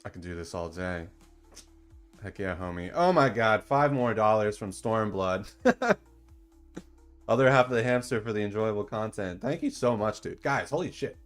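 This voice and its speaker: A man hosting a casual livestream in a laid-back, slangy way that turns excited at times. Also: fairly low pitch, normal speed, soft background music. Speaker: streamer and dungeon designer.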